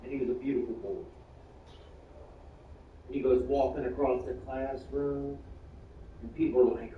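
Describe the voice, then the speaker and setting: A man telling a stand-up story with lots of energy. He swings from hushed asides to loud bursts and uses slang and swearing. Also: medium pitch, level tone, normal speed, pauses often. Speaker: stand-up comedian. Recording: roomy, distant, muffled, with clear background noise.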